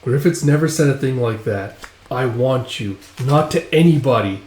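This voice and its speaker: A man's voice: medium pitch, animated, normal speed, darkish tone, slight background noise, natural voice. A man voicing a stern young female warrior who speaks level and firm. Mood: uneasy. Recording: roomy echo.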